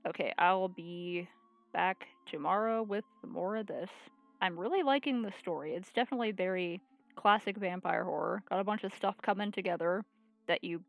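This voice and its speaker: A woman's voice: mid-range voice, moderate pace, gravelly, faint music behind. A woman streamer with a sore, scratchy throat, reading a visual novel aloud and then chatting casually and ramblingly.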